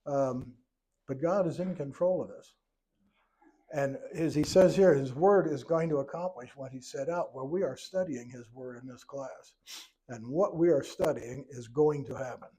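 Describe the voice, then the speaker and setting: A man's voice: mid-range voice, moderate pace, warm tone, husky. A middle-aged man teaching a church Bible study lesson, folksy, with chuckling asides and restarts.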